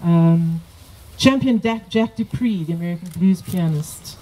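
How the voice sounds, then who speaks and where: A woman moderating a poetry workshop, explaining in a hesitant way with many pauses and fillers. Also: lowish voice, dark tone, poor audio. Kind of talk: academic discussion. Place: workshop room.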